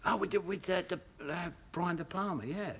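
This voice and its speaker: A man with a Cockney accent, a talk show guest telling animated stories and laughing often in a television studio. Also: high-pitched, a little fast, husky. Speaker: guest actor.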